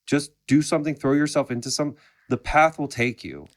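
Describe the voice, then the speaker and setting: A man in his thirties hosting an interview, speaking earnestly and reflectively with some halting restarts. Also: mid-range voice, dry recording. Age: 30s. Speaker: podcast host. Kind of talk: conversational interview.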